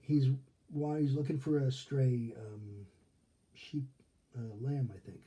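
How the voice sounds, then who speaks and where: A man's voice: mid-range voice, takes it slowly, dark tone. A male rabbi giving a casual Torah study lesson, talking conversationally and often checking in with "okay?". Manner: acts out quoted characters in his retelling.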